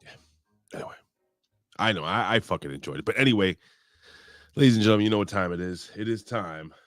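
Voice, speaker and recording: A hoarse man hosting a casual wrestling review show, rambling, joking and swearing freely. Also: fairly low pitch, animated, quick pace, no echo, clean studio sound, faint music behind. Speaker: podcast host.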